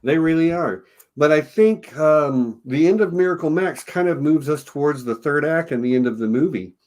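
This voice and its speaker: A man's voice: a little high, expressive, moderate pace, a little mellow. A man from Texas co-hosting a casual film review podcast, enthusiastic and laughing often as he quotes lines. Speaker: podcast co-host.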